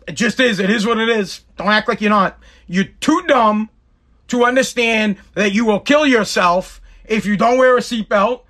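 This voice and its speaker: A man's voice: sits high, bright, forceful tone. A man hosting a podcast from home, delivering a mocking, exasperated comedic rant and often breaking into laughter. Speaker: podcast host.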